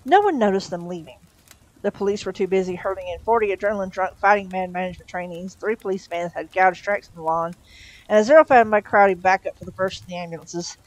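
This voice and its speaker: A woman reading a novel aloud in a steady, expressive storytelling manner. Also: medium pitch, fast talker, dry recording, low-quality recording. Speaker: reader.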